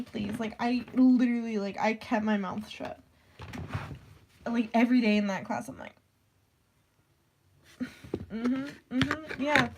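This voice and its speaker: A teenage girl in high school, telling a rambling story about her teacher, full of "like" fillers, swearing and quoted voices. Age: teens. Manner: rambling, heavy "like" filler, swearing, animated quoting. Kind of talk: casual storytime rant.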